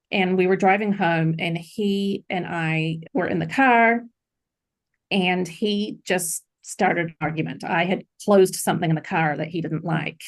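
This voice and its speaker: A woman's voice: lowish voice, creaky. A middle-aged woman, a podcast guest, earnestly recounting a personal story in an interview.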